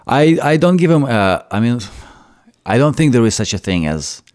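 A man's voice: medium pitch, big pitch swings, normal speed, a little mellow. A man from Russia with a Russian accent, a guest actor talking thoughtfully in a casual interview and often restarting his phrases.

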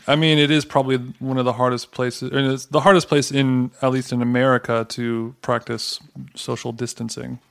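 A young man co-hosting a podcast in casual chat, joking and teasing with deadpan asides. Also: medium pitch, moderate pace, creaky, smooth. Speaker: podcast co-host.

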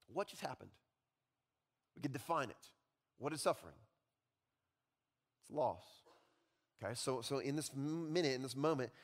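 Male pastor, slightly high voice, animated sermon delivery with big swings in volume. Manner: animated, swings between loud emphasis and quiet reflection.

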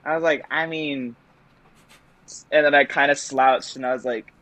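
A man's voice: medium pitch, steady tone, fast talker, a bit bright, no echo. A young man, a stage actor, telling an audition story in a chatty, self-deprecating way, with many fillers and laughs. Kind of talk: casual interview storytelling.

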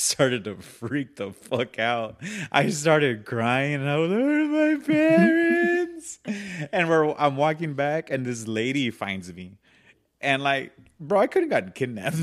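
A man in casual podcast chat tells stories with a lively, swooping pitch. He acts out the voices of the people in his stories and laughs often as he goes. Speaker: podcast co-host.

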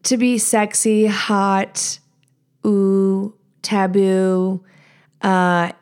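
A woman's voice: medium pitch, very slow, smooth. A woman in her thirties hosting a solo podcast, telling stories in a candid, profane, chatty way. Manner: candid and profane, animated asides. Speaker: podcast host. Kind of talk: casual solo podcast storytelling.

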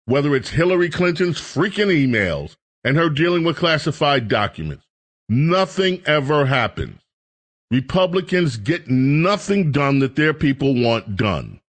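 Animated, heated male talk radio host. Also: mid-range voice. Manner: heated, sarcastic, mocks others in put-on voices. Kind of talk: political talk radio monologue.

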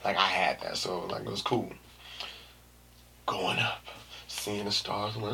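A young man telling a story to camera in a casual, slangy way, dropping to hushed asides and rising to shouts. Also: fairly low pitch, steady tone, measured pace, creaky, background noise. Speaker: vlogger.

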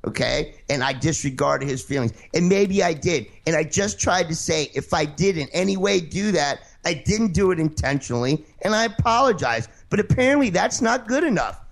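Gravelly high-voiced man arguing heatedly. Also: animated, normal speed, few pauses. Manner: defensive, interrupting, swearing, keeps asking to finish. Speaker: show host arguing with a caller. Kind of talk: heated call-in radio argument.

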